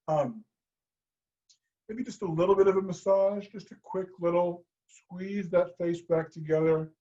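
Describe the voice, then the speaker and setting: A man leading a choir through vocal warm-ups, coaching in a calm, encouraging way. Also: sits high, measured pace, dull audio. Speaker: choir director.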